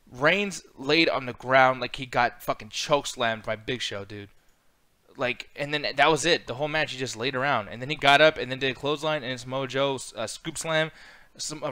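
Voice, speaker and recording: Bright-voiced man ranting, exasperated. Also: medium pitch, a little fast. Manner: exasperated, ranting, heavy swearing. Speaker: co-host reviewing wrestling. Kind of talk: casual profane review chat.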